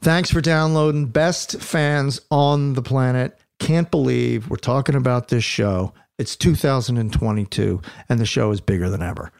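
A man hosting a relaxed podcast, chatty and quick to laugh. His voice is mid-pitched and sounds close and dry, with no room around it. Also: vocal fry, dry recording. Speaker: podcast host. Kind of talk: casual chat.

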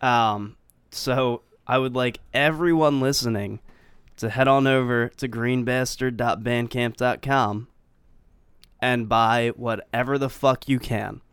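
A male podcast host with an exceptionally smooth, clean voice, recorded dry and close with no room sound. He talks in a loose, relaxed way, full of "um"s and casual swearing. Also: mid-range voice, takes it slowly, dry recording. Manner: laid-back, swears freely, hesitant fillers.

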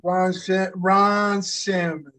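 A man's voice: high voice, level tone, drawn-out words, noisy background. A man in his fifties reminiscing in casual chat as a co-host, rambling with many restarts. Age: 50s. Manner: rambling, full of restarts and fillers, fond reminiscing. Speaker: podcast co-host, former pro wrestler.

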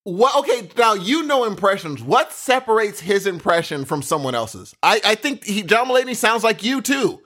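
A male podcast co-host chatting casually, rambling from thought to thought and slipping into quoted voices. His voice sits a touch high and his pitch moves in lively swings. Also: normal speed, few pauses. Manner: animated, rambling, acts out quotes. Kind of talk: casual chat.

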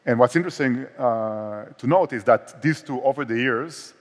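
A guest on a conference stage in a large hall, this startup co-founder and CEO speaks with an Israeli accent in a mid-range voice at normal speed. Long hall reverb marks the recording. He's candid and self-deprecating and restarts many times.

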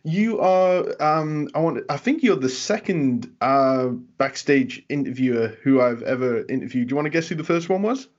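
A man with a softened Geordie accent hosting a casual interview podcast, chatty and laughing often, with plenty of fillers. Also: on the high side, lively intonation, normal speed, hardly any pauses, lo-fi sound. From England. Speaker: podcast host.

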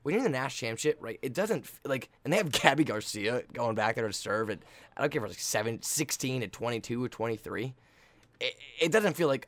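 A man's voice: mid-range voice, brisk, no room sound. Young dude hyping up his volleyball story, laughs a lot, dry close sound. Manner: excitable, hype, laughs often, acts out his own yelling. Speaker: college volleyball player. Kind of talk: casual storytelling.

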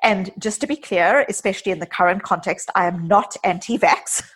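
A middle-aged woman appears as a guest psychologist in a conversational podcast interview, speaking fairly quickly in a mid-range, slightly husky, breathy voice. She tells stories animatedly, weaving in anecdotes and quoted lines.

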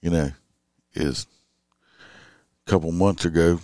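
A man's voice: deep voice, a little slow, a little mellow, no room sound, studio quality. A middle-aged man, a police officer talking in a casual, rambling late-night monologue full of fillers and restarts.

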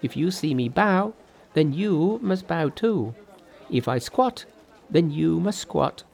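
A man voicing a boastful, clever male monkey sage in an audiobook, talking in a brisk, haughty, self-assured way. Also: on the high side, animated, creaky, darkish tone, pitched above the performer's own voice, full character voice. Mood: confident. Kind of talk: audiobook narration with character voices.

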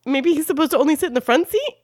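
A woman co-hosting a casual comedy podcast, giggling and tossing in quick quips. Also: high voice, expressive, a little mellow, no echo, studio quality. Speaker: podcast co-host. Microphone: studio mic.

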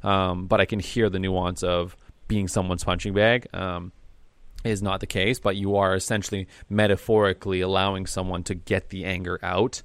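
A man's voice: low voice, flat delivery, moderate pace, no room sound. A man co-hosting a podcast, talking in a reflective, earnest way with frequent fillers. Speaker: podcast co-host. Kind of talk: casual podcast conversation.

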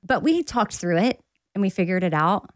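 A woman's voice: mid-range voice, expressive, moderate pace, no echo, studio quality. A woman in her thirties co-hosting a podcast, a mom who also works in live radio, talking in a casual chatty way. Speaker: podcast co-host. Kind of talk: casual chat.

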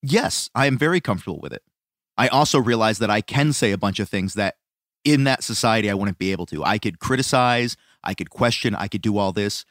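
A man's voice: fairly low pitch, brisk, a bit bright, no echo, clean studio sound. A man co-hosting a casual podcast, earnest and a little defensive in debate. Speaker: podcast co-host.

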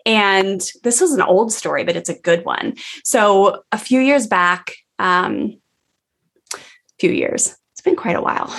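A woman in her forties, a mother chatting casually and telling a story with plenty of filler words. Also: mid-range voice.

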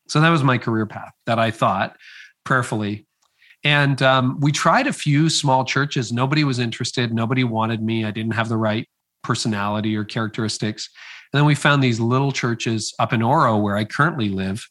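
Man telling a story slowly. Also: mid-range voice. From Canada. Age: middle-aged. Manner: slows down to stress key moments, lively storyteller. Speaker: guest, former pastor. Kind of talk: storytelling in conversation. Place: at his home area, speaking remotely.

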